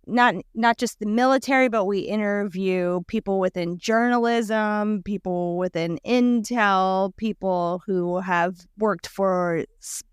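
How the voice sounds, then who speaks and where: A woman co-hosting a podcast, chatty and quick to giggle. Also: mid-range voice, clean tone, no room sound, clean studio sound. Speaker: podcast co-host. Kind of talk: casual conversational commentary.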